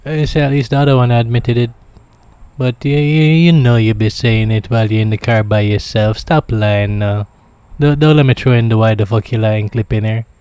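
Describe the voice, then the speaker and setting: A man from Jamaica reacts to a clip with blunt, teasing remarks. His voice is smooth and resonant. The recording is dry and close, with no room sound. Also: medium pitch, steady tone, brisk, warm tone, dry recording. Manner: blunt, teasing, no-holds-barred. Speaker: reaction video host. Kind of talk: casual commentary reacting to a clip.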